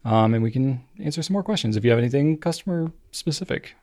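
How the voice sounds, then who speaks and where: A man's voice: mid-range voice, animated, fast, a little mellow. An American man co-hosting a casual podcast, chatty, laughing easily and trailing off with ums. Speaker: podcast co-host. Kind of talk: casual chat.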